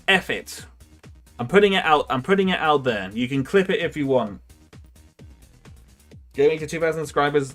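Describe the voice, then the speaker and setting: A man's voice: mid-range voice, fairly bright tone. A young man chatting casually on a livestream, rambling and self-mocking, laughing often. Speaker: streamer.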